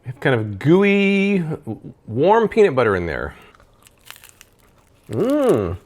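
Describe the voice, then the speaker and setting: Lively chatty man reviewing kitchen gadgets. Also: on the high side, unhurried. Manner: chatty, thinking aloud while he cooks. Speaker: product reviewer. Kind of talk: casual cooking review vlog. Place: home kitchen.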